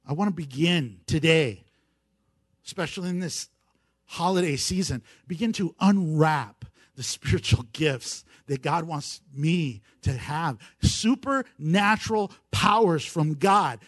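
High-voiced pastor preaching with emphasis. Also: male voice, lively intonation, measured pace, no echo. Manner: preaching with rising emphasis and playful asides. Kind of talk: sermon. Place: church service.

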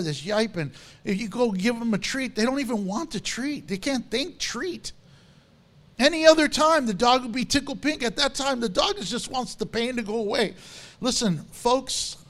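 A man preaching a sermon with animated storytelling, acting out the quotes he tells. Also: very high-pitched.

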